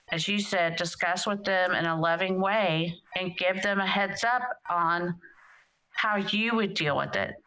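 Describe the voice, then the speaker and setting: Bright-voiced woman podcast co-host. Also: mid-range voice, poor audio. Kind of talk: casual chat.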